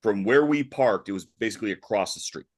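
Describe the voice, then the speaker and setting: A low-voiced man co-hosts a podcast in easy, casual chat. He is playful and jokey and piles on exaggerations for a laugh. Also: animated, brisk. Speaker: podcast co-host.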